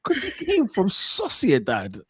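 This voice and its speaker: Husky man talking football. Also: high-pitched, unhurried, no room sound. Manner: animated London slang banter. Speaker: podcast co-host. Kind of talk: casual football chat.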